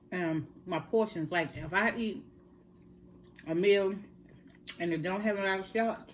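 A woman's voice: lowish voice, a little hiss or hum. Chatty middle-aged woman telling her story. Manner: chatty, earnest storytelling, addresses viewers as y'all. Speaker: mukbang vlogger. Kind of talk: casual chat to viewers.

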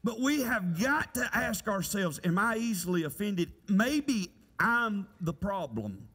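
A middle-aged man preaches in a church, his voice high and bright. He talks plainly and keeps asking the congregation questions. His words ring out with a long hall reverb. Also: very animated, a little slow, breathy edge. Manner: folksy, conversational preaching with rhetorical questions. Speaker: pastor. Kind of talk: sermon. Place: church sanctuary.

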